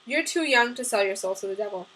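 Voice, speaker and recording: A woman reading the lines of a spirited young heroine with sassy retorts, in a husky voice. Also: medium pitch, expressive, fast, fairly bright tone. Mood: indignant.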